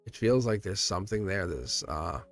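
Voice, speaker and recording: A man's voice: low-pitched, expressive, normal speed, soft background music. Chatty, reassuring male tarot reader. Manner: chatty, emphatic and reassuring, laughs often between phrases. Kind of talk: casual live-stream tarot reading.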